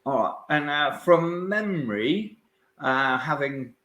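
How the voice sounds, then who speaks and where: A man's voice: fairly high pitch, lively intonation, slow, bright, forceful tone. A man hosting a podcast, asking long, rambling questions full of restarts and fillers in a casual interview. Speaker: podcast host.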